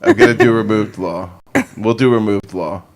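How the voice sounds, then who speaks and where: A man's voice: lowish voice, normal speed. A man hosting a casual talk show, dry and easygoing, reading out quiz questions. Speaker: host. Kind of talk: casual chat.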